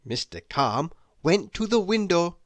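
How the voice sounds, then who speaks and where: A man reading a children's picture book aloud in a slow, expressive storytelling voice. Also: high voice, no echo. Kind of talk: children's read-aloud narration.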